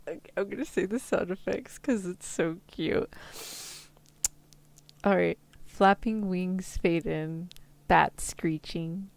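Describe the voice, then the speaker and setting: A woman's voice: lowish voice, takes it slowly, gravelly, a little mellow. A woman streamer stepping out of a whispered role-play to laugh and read out sound cues. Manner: giggly, reads sound cues aloud. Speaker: vtuber.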